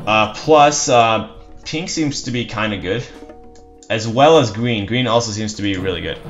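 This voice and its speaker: A man's voice: fairly low pitch, moderate pace. Rambling man commentating a game. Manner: rambling, self-deprecating, dry sarcasm. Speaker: gameplay commentator. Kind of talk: casual live game commentary. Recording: dull lo-fi mic with faint music.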